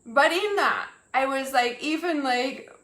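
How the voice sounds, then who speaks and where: A young woman with a high, bright, sharp voice vents her fury on a live stream. She swears and stops and restarts her sentences. The sound is echoey, as in a bare room. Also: lively intonation. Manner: fuming, swearing, halting restarts. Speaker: intuitive healer and mentor, live streaming. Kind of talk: angry live-stream rant.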